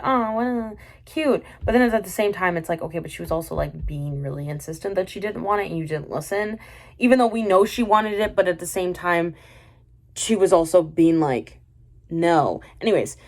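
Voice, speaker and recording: Woman ranting casually, sarcastic and fed up, talks over herself with likes and you knows. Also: fairly low pitch. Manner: exasperated, sarcastic, animated with lots of fillers. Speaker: drama reviewer.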